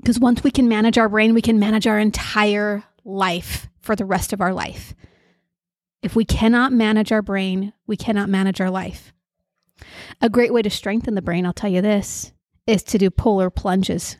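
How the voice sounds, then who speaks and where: A middle-aged woman host telling personal stories in an earnest, confiding way, with soft fillers between thoughts. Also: medium pitch, fairly even intonation, moderate pace, no room sound, studio quality. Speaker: podcast host and emotional coach. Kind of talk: personal storytelling monologue.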